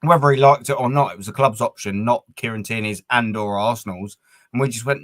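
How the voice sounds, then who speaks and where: A man hosting a casual livestream chat, rambling and animated, swearing freely. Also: mid-range voice, fairly quick, dry recording. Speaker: podcast host.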